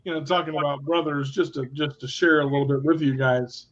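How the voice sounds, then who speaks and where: Joking man with a slightly high voice, dull lo-fi sound. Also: fairly even intonation, fairly quick. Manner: joking, crude humor. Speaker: podcast co-host. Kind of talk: casual chat.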